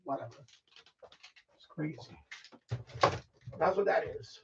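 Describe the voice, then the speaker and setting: A man's voice: a little high, expressive, slow, gravelly, noisy background. A middle-aged man hosting a live stream, chatting in a rambling way full of fillers and restarts, out of breath as he tidies his home studio. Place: home studio room, moving around while tidying. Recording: distant, dull lo-fi mic.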